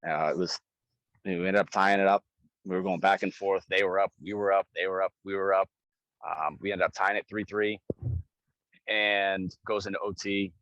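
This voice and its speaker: A young man with a low, deep voice tells a game story in loose, casual speech. He gets swept up, swears freely and repeats himself for emphasis. The recording is dry and close, with little room sound. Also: moderate pace, no echo, lo-fi sound. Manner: excited, swears, repeats phrases. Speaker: guest, pro hockey goaltender.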